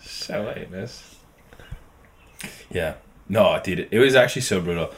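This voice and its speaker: A man co-hosting a podcast, telling stories in an animated, swear-heavy casual chat. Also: deep voice, measured pace. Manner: animated storyteller, swears a lot, laughs easily. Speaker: podcast co-host.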